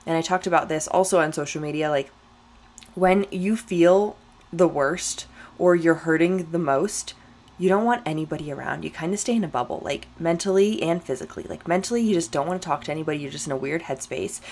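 A young woman talking on her own podcast in a loose, candid way, turning to her listeners often and leaning hard on her points. Her voice sits a little low for a woman. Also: brisk, darkish tone. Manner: candid, emphatic, talks straight to listeners. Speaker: podcast host. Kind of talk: casual solo podcast talk.

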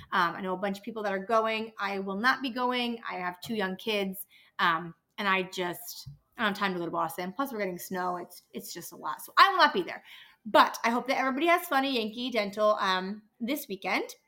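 A woman's voice: medium pitch, bright, forceful tone. A woman in her thirties who works at a dental office, hosting a casual solo podcast and ranting with exasperation and plenty of swearing. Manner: exasperated, venting, swears freely.

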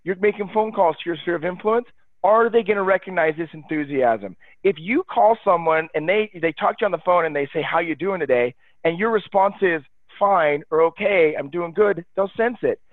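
A man's voice: sits high, fairly quick, no room sound. A man in his thirties, a podcast guest, talking in an enthusiastic, emphatic, motivational way. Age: 30s. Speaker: podcast guest, real estate agent. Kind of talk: casual interview chat. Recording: tinny phone-like line, dry.

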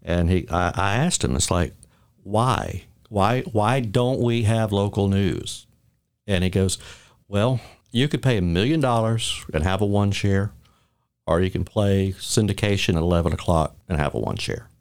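A man hosts a relaxed interview and shares his own memories of the broadcast business. His low voice stops and restarts as he talks. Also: clean tone. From Macon, Georgia area. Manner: reminiscing, halting with restarts. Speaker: host. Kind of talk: casual interview chat.

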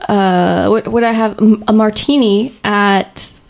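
A woman's voice: medium pitch, steady tone, slow, gravelly. A woman co-hosting a casual podcast, chatty and playfully teasing her co-host. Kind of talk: casual chat.

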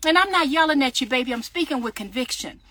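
A woman's voice: high voice, lively intonation, quick pace, bright, forceful tone, dry recording. Fervent woman preaching live from her car. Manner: fervent, talks straight to viewers, reads out comments. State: sweating in a hot car. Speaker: faith podcaster and author. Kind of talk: casual livestream preaching. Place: parked car. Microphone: phone livestream.

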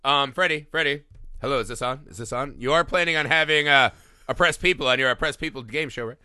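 A man's voice: mid-range voice, quick pace, bright, forceful tone, clear, resonant tone, no echo, studio quality. A man co-hosting a podcast, chatting casually and animatedly about a movie, swearing and mocking scenes. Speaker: podcast co-host. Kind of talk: casual movie-review chat.

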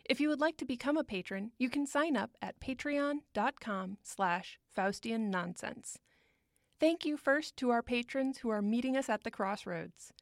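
A woman hosting a podcast, reading a scripted list of patron thank-yous in an even, measured way. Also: on the high side, dry recording, clean studio sound. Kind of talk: scripted read.

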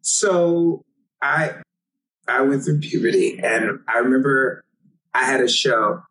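A young man, a singer from Los Angeles, telling stories in an interview, animated and quick to laugh. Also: mid-range voice, far from the mic, poor audio. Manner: animated, acts out quotes, laughs often. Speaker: singer, guest. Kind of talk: storytelling interview.

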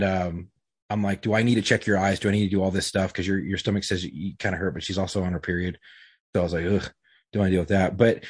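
Husky guy rambling thru a story, swears a ton, dry mic. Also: fairly low pitch, no echo. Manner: profane, rambling, uses lots of fillers. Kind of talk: casual storytelling among friends.

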